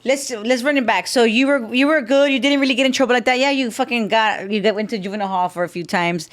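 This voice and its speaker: A woman hosting an interview podcast, animated and reactive, gasping and swearing at the stories. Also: on the high side, quick pace. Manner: animated, reacts with gasps and "oh, shit". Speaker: podcast host. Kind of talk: casual interview.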